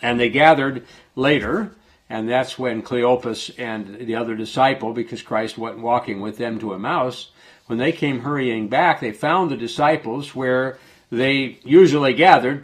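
A man teaching from the Bible in a sermon, reading passages aloud and then explaining them in a plain, conversational way, with frequent restarts and self-corrections. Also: mid-range voice. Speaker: preacher.

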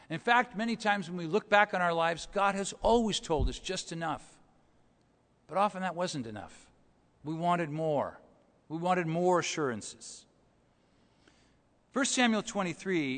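A male pastor preaching a storytelling sermon, dropping to quiet asides and rising to loud, emphatic points. His voice sits a little high and rings with a long church reverb. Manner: storytelling, swings between soft and loud.

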